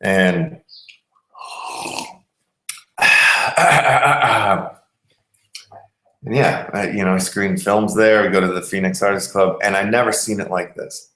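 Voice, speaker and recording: Male podcast host with a low voice, rambling through a casual story in a roomy, echoey room. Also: slow, pauses often, pushed and bright. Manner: rambling, restarts mid-sentence.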